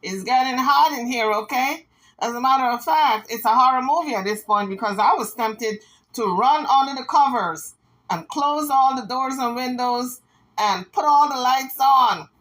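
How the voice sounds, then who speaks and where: Sassy, bright-voiced woman vlogger. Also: high-pitched, moderate pace, low-quality recording. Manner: dramatic, playful, exaggerated, sassy asides. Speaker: commentary vlogger. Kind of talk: casual gossip commentary.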